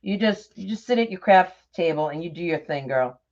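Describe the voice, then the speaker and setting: Over dull lo-fi livestream audio, a middle-aged bow-making craft host speaks a little fast in a lowish, darkish, expressive voice. She laughs often, chats casually and greets her viewers by name.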